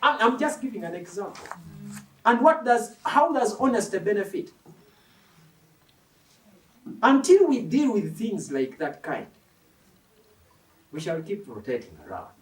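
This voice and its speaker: A male preacher delivers a sermon in an animated, emphatic style, often putting questions to his congregation. His pitch rises and falls widely as he speaks. He is picked up from some way off, and the hall around him echoes. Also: normal speed, slight background noise. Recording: echoey hall, mic from a distance.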